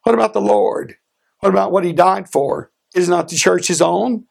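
A man preaching a sermon, earnest, asking rhetorical questions and slowing down for emphasis. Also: sits high, gravelly. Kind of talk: sermon with a personal story.

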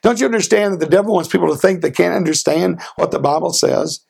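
A man preaching a sermon, earnest, asking rhetorical questions and slowing down for emphasis. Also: high voice, gravelly, darkish tone, husky. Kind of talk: sermon with a personal story.

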